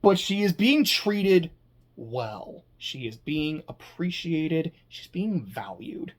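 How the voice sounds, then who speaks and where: Casual anime reviewer, animated and profane, stammering restarts. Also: medium pitch, slow. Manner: animated, swearing, stammering restarts, laughing asides. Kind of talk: casual chat.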